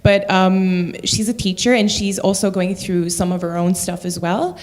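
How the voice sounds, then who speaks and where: A woman's voice: medium pitch, fairly even intonation, normal speed. A woman from Quebec with a French Canadian accent, an actor chatting about her role in a stage play and laughing often. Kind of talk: interview chat.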